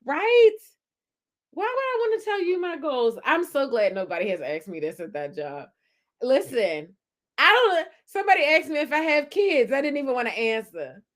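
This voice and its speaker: A high-voiced young adult woman at normal speed reads live-chat comments while hosting a casual podcast stream. Upbeat and affirming, she cheers on the people commenting.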